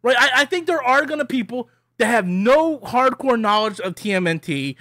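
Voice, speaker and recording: Brief: higher-pitched male vlogger, dry close sound, rambling and opinionated, stumbles and restarts often. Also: very animated, moderate pace, bright, forceful tone, no echo. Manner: rambling, many restarts and repeats; annoyed, opinionated. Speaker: movie reviewer. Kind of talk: casual ranting review.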